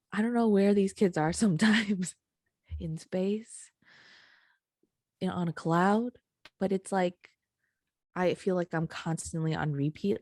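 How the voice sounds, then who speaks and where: A young adult woman teacher co-hosting a podcast, telling classroom stories in a casual, animated way. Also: sits low, no echo, clean studio sound. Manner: animated storyteller acting out kids' voices. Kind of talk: casual chat.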